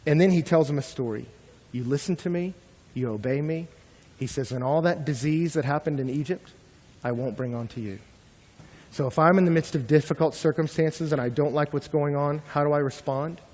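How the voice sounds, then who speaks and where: Young male pastor, lively sermon delivery, slightly high voice, long hall reverb. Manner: animated preaching, acting out quoted complaints.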